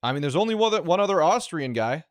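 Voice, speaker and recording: A man streaming a puzzle game, thinking aloud in live commentary, excited and quick to repeat himself. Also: fairly high pitch, no room sound, studio quality.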